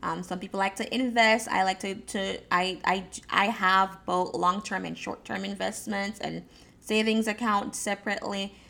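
A woman's voice: mid-range voice, fairly even intonation, normal speed, vocal fry, sharp tone. A woman from Jamaica coaching her listeners on goals and budgeting in a loose, encouraging way. She stumbles and restarts, doubles words and leans on "um" and "you know" as she goes. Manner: repeats words, frequent fillers and restarts; encouraging, addresses listeners directly. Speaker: speaker giving advice on goal setting. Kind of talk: casual motivational talk.

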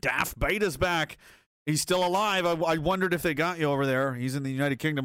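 A man's voice: fairly high pitch, a little fast, fairly bright tone, clean tone, no echo, clean studio sound. A man hosting a livestream and reading chat aloud, riffing sarcastically with lots of swearing and laughter.

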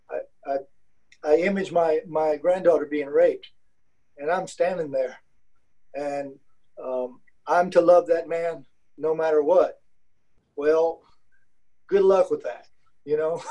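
An older man sharing his experience with a group, halting and full of restarts, with homespun turns of phrase. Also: a little high, warm tone, low-quality recording. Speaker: class participant.

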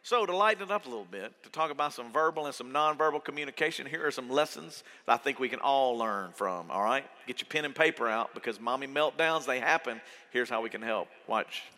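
A man preaching a sermon as pastor, earnest and conversational, going from soft to loud. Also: mid-range voice, animated, a little fast, few pauses. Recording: long reverb of a church hall.

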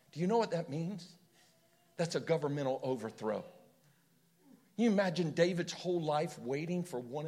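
A man's voice: fairly high pitch, darkish tone. A man preaching a sermon with impassioned storytelling and rhetorical questions.

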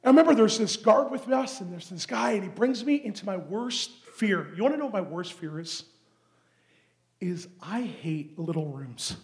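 A high-voiced man from Canada preaching with big energy and telling a story in an animated way. He laughs often and breaks into shouts. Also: moderate pace. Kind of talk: sermon storytelling.

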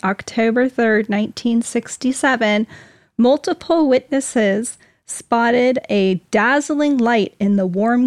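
A woman's voice: fairly high pitch, no room sound, studio quality. A woman co-hosting a podcast, reading her notes in a casual, good-humored way. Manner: good-humored, laughs easily. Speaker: podcast co-host.

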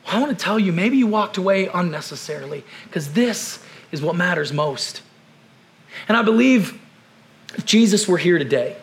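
A man preaching a conversational sermon, repeating key phrases and firing off rhetorical questions, then dropping to quiet, slow emphasis. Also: sits high. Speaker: pastor.

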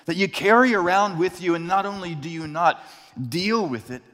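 A man preaching a sermon, telling a personal story and acting out the people in it with lively energy. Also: high-pitched, normal speed, in a large hall. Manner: animated, acts out characters in his story. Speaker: pastor.

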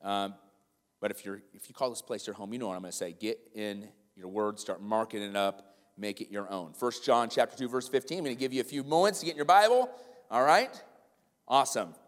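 A man's voice: lowish voice, a little fast, long reverb tail. A man pastor preaching a sermon in a church, emphatic and repeating his key lines. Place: large church sanctuary.

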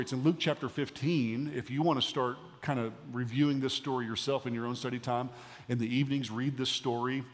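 A man giving a sermon as a pastor, conversational with pauses and emphatic rises. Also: mid-range voice. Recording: long hall reverb.

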